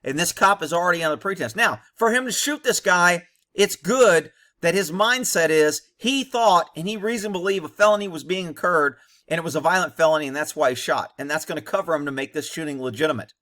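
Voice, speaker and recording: A man's voice: fairly high pitch, a little fast, hardly any pauses, pushed and bright. A man who was a police officer, giving blunt, cynical commentary over bodycam footage.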